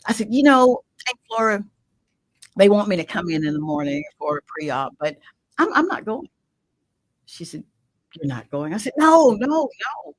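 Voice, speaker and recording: A middle-aged woman from Mississippi telling her personal story as a guest, impassioned, swinging from loud emphatic bursts to hushed whispers. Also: low-pitched, very animated, normal speed, pauses often, no echo, poor audio. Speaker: guest, radio show host. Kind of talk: emotional personal testimony.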